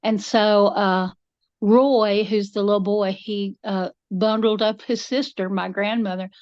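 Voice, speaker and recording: A woman's voice: mid-range voice, fairly even intonation, a little slow, a little mellow, no room sound, lo-fi sound. A woman, co-hosting a podcast and telling folksy family stories in a drawl. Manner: folksy storyteller, drawling, acts out voices in anecdotes. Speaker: podcast co-host. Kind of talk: casual chat.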